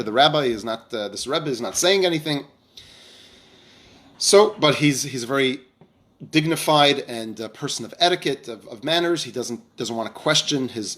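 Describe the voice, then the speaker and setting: A man giving a Torah lesson, telling a story with the dialogue acted out and often restarting his sentences. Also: medium pitch. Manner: animated storyteller, acts out dialogue, frequent restarts. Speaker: rabbi teacher.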